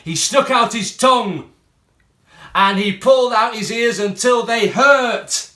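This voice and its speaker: Slow, expressive man reading a picture book. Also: very high-pitched. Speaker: primary school teacher. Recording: roomy room echo.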